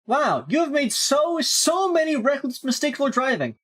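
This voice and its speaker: A woman's voice: high-pitched, normal speed. A woman co-hosting, reading absurd quiz questions aloud with frequent giggles. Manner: giggly, reads deadpan absurd lines. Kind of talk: casual chat, reading quizzes aloud.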